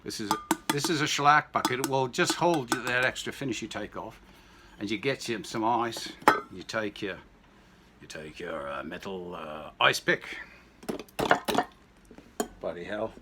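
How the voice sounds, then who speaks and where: A man's voice: fairly low pitch, unhurried, long pauses, heavy background noise. A man in his sixties chatting casually through a home cocktail demo, rambling into jokey asides and anecdotes. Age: 60s. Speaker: home cooking vlogger. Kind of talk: casual kitchen demo chat.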